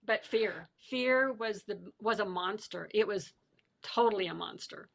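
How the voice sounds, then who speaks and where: A middle-aged woman, an author guest on a podcast, telling her life story with lively quoted voices and frequent laughter. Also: medium pitch, a little slow, gravelly. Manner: animated storyteller who acts out quoted voices and laughs often.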